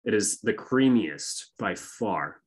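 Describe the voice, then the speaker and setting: A man co-hosting a casual podcast chat, swearing freely and animated. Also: lowish voice, slow, slightly rough. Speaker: podcast co-host.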